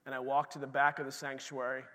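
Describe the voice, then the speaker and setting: A middle-aged man preaching a sermon in a church sanctuary, animated and acting out dialogue, with sudden quiet asides. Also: mid-range voice, fast, in a large hall. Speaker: pastor.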